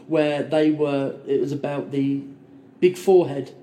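A man's voice: on the high side, steady tone, a little slow, dark tone. A man chatting casually about films as a podcast co-host, rambling and enthusiastic. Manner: enthusiastic, rambling, quotes people in put-on voices. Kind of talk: casual film chat. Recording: echoey room.

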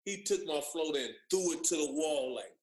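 A man telling lively stories from his playing days in casual chat, acting out what others said. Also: fairly high pitch, a little fast, roomy sound, low-quality recording. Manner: animated storyteller, acts out others' lines. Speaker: former pro basketball player guest. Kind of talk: casual storytelling on a podcast.

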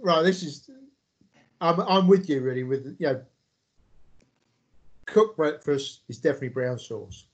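A man's voice: on the high side, measured pace, long pauses. A man hosting a podcast, introducing a guest in a rambling way, full of fillers. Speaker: podcast host. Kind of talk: casual podcast interview.

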